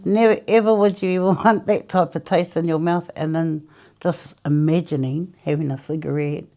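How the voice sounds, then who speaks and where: A woman's voice: low-pitched, steady tone, moderate pace, mellow. A woman from New Zealand, interviewed about quitting smoking, chatty storytelling that laughs often and acts out what people said. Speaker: interviewee, former smoker.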